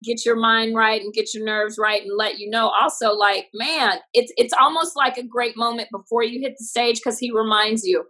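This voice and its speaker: A woman comedian from Texas telling stories in a casual interview, animated and expressive. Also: a little high, moderate pace, hardly any pauses, poor audio. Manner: animated, expressive, laughs often. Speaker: comedian guest.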